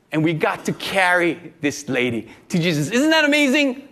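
High-voiced pastor preaching. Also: male voice, normal speed. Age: middle-aged. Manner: animated storytelling, acting out quoted voices. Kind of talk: sermon.

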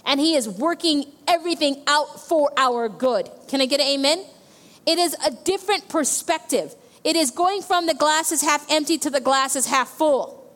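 A woman's voice: sits high, normal speed, a bit bright, long reverb tail. A woman pastor preaching a sermon, often checking in with the congregation with "okay" and "amen.". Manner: preaching with frequent "okay" and "amen" call-outs.

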